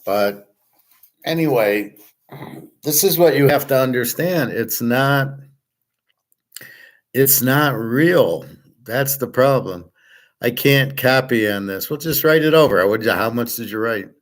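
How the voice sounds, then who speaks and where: A man teaching a relaxed online class, blunt and profane, rambling with restarts and answering viewers' chat. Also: mid-range voice, slow, long pauses. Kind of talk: casual livestream lecture.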